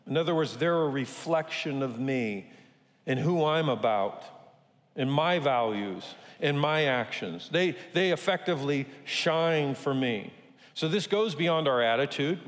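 An older man preaching a sermon to a congregation in a conversational, joking way. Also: a little high. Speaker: pastor. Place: church sanctuary. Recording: reverberant church hall.

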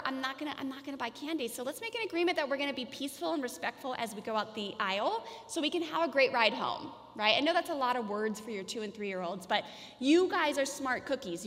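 A woman's voice: high-pitched, a bit bright. A woman giving a casual parenting workshop to parents, chatty and informal, often saying "like" and "you guys.". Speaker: parenting educator. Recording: reverberant hall.

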